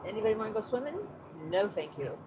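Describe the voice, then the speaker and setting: A woman's voice: mid-range voice, lively intonation, quick pace, noisy background. A woman co-hosting a casual live stream from a moving car, reading viewers' comments aloud and answering them. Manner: reads out chat messages and replies warmly.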